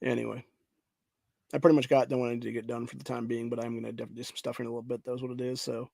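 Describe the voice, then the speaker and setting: Man, podcast host, angry profane rant, middle-pitched voice, dry close sound. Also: level tone, racing, vocal fry, a little mellow, no room sound. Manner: profane, repeats "dude", ranting; reads headlines aloud.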